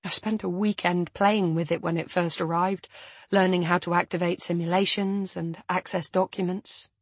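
A woman narrating a first-person audiobook in a measured, even storytelling manner. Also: lowish voice, slightly rough, no echo.

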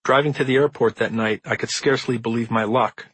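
A man reading the introduction to his own nonfiction book as an audiobook, in measured, earnest storytelling. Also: medium pitch, steady tone, a bit bright, breathy edge, no echo, low-quality recording. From Midwestern United States. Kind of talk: audiobook narration.

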